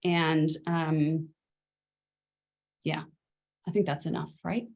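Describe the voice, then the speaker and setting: Een vrouw die als ouderschapscoach een les geeft, in een gemoedelijke spreekstijl, en die zinnen van ouders en kinderen naspeelt. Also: female voice, sits low, little pitch movement, slow pace, darkish tone, highs cut off. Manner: conversational, acts out parent and child quotes. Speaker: parenting coach. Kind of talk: spoken masterclass lesson.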